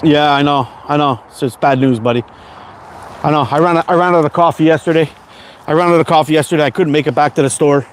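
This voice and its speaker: A man's voice: a little high, fast talker, a little hiss or hum. Chatty Canadian man in his forties. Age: 40s. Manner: chatty, rambling, answers viewer comments. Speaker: livestream host. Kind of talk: casual livestream chat.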